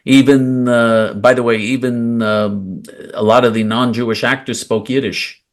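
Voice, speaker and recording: A man's voice: mid-range voice, steady tone, a little slow. A man hosting a casual chat, rambling with many fillers and restarts.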